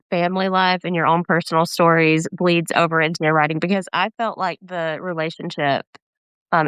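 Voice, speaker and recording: A woman's voice: fairly low pitch, fairly bright tone, clear, resonant tone, no room sound. A woman co-hosting a casual book chat on a video call, asking questions in a hesitant way with many fillers. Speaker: co-host.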